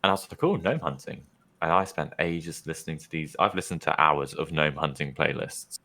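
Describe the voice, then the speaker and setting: A man's voice: a bass voice, fairly even intonation, brisk, pushed and bright. A young man co-hosting a podcast, telling a story in casual chat and laughing often. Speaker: podcast co-host.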